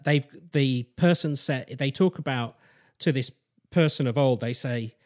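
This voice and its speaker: A man's voice: medium pitch, a little mellow. Rambling man telling a story. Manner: rambling, halting, with fillers and restarts. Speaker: podcast host. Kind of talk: casual chat, storytelling.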